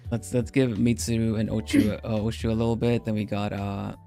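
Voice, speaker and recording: A man's voice: fairly low pitch, little pitch movement, creaky, mellow, soft background music. A man hosting a stream, chatting casually and hesitantly, with lots of restarts and fillers. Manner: halting, many restarts and fillers. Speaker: streamer host.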